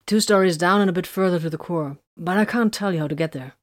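A playful, slightly odd armored warrior woman who speaks breezily and cheerfully, as a woman narrator voices her. Her voice is fairly low and close to the mic. It is a figure from a read-aloud fantasy story. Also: quick pace, no room sound, lightly acted.

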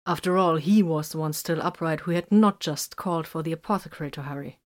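A woman narrating a story in a lowish, even voice. She reads at a measured pace, steady and clear, letting each sentence land. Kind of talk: story reading.

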